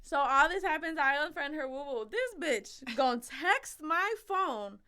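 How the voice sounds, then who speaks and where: A woman's voice: sits high, unhurried. A young woman co-hosting a podcast, telling a story in casual chat, acting out quotes with lots of swearing. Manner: animated storytelling, acts out quotes, swears a lot. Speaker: podcast co-host.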